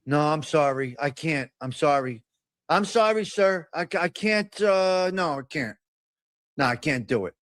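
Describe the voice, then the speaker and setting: High-voiced man ranting profanely. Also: unhurried. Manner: profane, excitable rants. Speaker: host. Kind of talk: live-stream casual chat.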